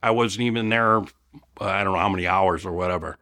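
A Vietnam veteran guest in his seventies, a local from Elmhurst, Illinois, tells war stories casually. His voice is low and sharp, his pace brisk, and his delivery blunt, profane, and meandering.

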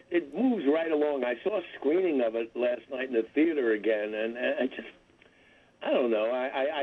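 A man in his seventies, a comedian calling in as guest, talking in a wry, rambling way with self-deprecating asides. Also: fairly high pitch. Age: 70s. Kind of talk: phone-in interview chat. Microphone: telephone. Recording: tinny phone line.

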